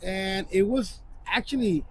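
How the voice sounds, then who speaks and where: High-voiced man co-hosting a plant podcast. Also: unhurried, a little mellow, a little hiss or hum, rough recording. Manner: loose, joking, talks over his brother. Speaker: podcast co-host. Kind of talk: casual chat. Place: plant nursery beside a shed. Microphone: small cheap mic.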